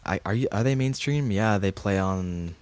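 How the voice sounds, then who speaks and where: A man co-hosting a podcast in casual chat, halting and hesitant with many fillers. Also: on the low side, darkish tone, smooth, dry recording. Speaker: podcast co-host.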